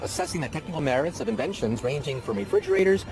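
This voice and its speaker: A man's voice: on the high side, expressive, fast. An older man presenting a science documentary in a dramatic, emphatic scripted narration. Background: background music.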